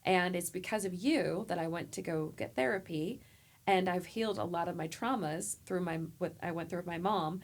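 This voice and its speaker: Gravelly low-voiced woman therapist. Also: moderate pace. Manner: heartfelt, animated, acts out quoted people. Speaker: therapist guest. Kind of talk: emotional conversational storytelling.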